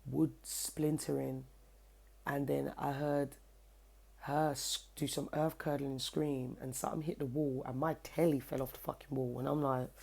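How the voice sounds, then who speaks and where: A young woman, telling a story to camera in a casual, cheeky, animated way, swearing freely, at home. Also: rumbling low, measured pace, vocal fry, breathy edge. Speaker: vlogger. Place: at home, indoors by her kitchen window.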